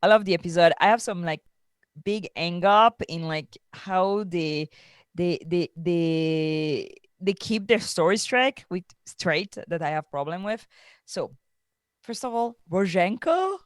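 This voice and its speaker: A woman's voice: lowish voice, expressive, measured pace, no echo, clean studio sound. A young French woman with a French accent, co-hosting a casual podcast review, tired and scatterbrained, full of fillers and restarts. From France. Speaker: podcast co-host.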